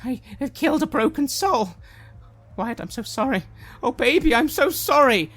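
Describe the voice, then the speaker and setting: A woman's voice: high-pitched, lively intonation, moderate pace, soft background music, pitched above the performer's own voice. A woman playing Eve, a furious grieving mystic. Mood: anguished. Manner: shouting, anguished and scolding.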